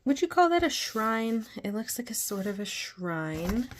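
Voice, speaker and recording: A young woman from northern Canada, talking earnestly and carefully through a doll unboxing, with soft whispered asides. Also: on the high side, sing-song, a little slow, a little hiss or hum. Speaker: doll collector and vlogger.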